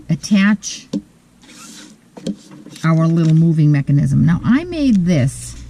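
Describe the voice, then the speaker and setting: A woman with a lowish voice guides viewers through making a card step by step from her craft desk. She speaks calmly and methodically with frequent thinking pauses, and the audio quality is poor.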